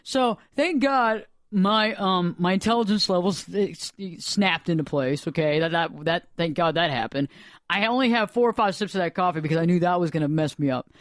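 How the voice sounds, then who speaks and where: A man hosting a radio show, telling a story in a rambling, animated, dramatic way. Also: sits high, moderate pace, no room sound, studio quality. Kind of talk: casual storytelling chat. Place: radio studio.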